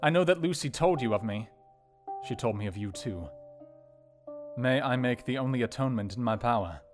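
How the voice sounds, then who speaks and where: An actor playing an earnest, grave Victorian male doctor in a dramatized reading of a classic novel, with a formal, gentle and solemn manner. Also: medium pitch, expressive, moderate pace, music in the background, natural voice.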